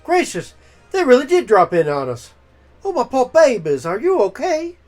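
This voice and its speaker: A game streamer voicing a fussy, doting mole mother who talks in a high, fretful way. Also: huge pitch swings, moderate pace, faint music behind.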